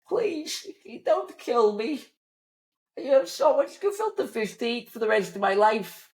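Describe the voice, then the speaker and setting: A man putting on a squeaky, whining, wimpy rich man, curmudgeonly, voice jumped way up, cowering and pleading. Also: sing-song, a little slow, darkish tone, exaggerated voice.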